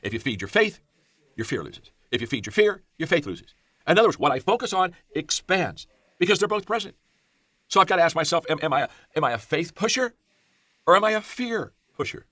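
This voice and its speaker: A man's voice: on the high side, big pitch swings, brisk, bright, forceful tone, no echo. A man giving a motivational talk on leadership, stressing and repeating key phrases and often restarting with "I, I". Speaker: leadership speaker.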